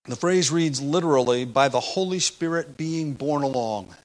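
A man preaching an expository sermon at a measured teaching pace, growing loud and emphatic when he quotes scripture. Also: on the high side, poor audio.

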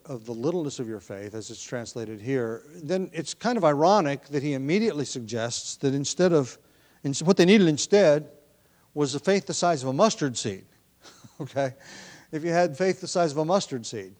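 A man's voice: fairly high pitch, lively intonation, normal speed, darkish tone. Man giving a conversational Bible sermon. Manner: conversational, thinking aloud with many ums and restarts, clears throat often. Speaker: preacher. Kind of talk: sermon, verse-by-verse Bible teaching.

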